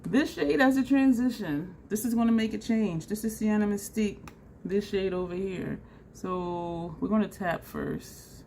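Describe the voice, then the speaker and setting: A woman vlogging a makeup tutorial in a chatty, excitable way, talking straight to her viewers. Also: medium pitch, measured pace, a little hiss or hum. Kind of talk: casual makeup tutorial chat.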